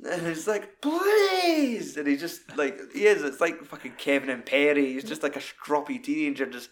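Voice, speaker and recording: A man in casual, sweary film chat, acting out scenes in high put-on voices. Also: steady tone, brisk.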